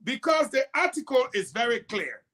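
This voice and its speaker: A man's voice: very high voice, very animated, normal speed, pushed and bright. A man with a Liberian English accent hosting a political talk show, delivering heated, scolding commentary with rhetorical challenges.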